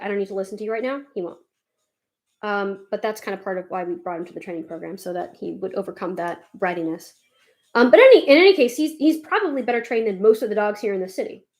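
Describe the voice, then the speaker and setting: A woman's voice: medium pitch, fairly quick, a little mellow. A young woman chatting casually while doing her makeup, rambling and swearing freely as she gets heated. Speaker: vlogger doing a makeup tutorial.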